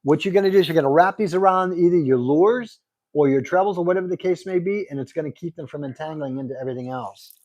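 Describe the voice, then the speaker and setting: A man's voice: on the high side, fast, lo-fi sound. Chatty man hosting a livestream. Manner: chatty, reads out viewer comments, thanks viewers a lot. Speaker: livestream host. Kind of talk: casual live chat. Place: Arizona.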